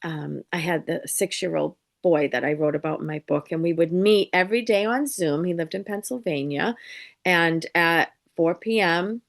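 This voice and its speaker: A woman guest on an interview show, telling lively, lighthearted stories and acting out quotes as she talks. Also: fairly low pitch, normal speed, gravelly. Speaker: psychic medium guest. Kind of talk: casual interview storytelling.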